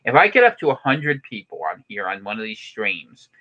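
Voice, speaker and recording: A man co-hosting a live stream show, chatting casually and jokingly, rambling and quick to laugh. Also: fairly low pitch, very animated, bright, forceful tone, muffled recording. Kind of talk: casual political chat.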